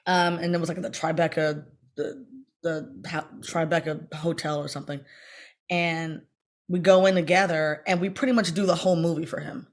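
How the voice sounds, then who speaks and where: Speaking in a lowish voice, a middle-aged actress shares an anecdote in a casual interview. She's lively, voicing the people she quotes and rattling along fast in bursts.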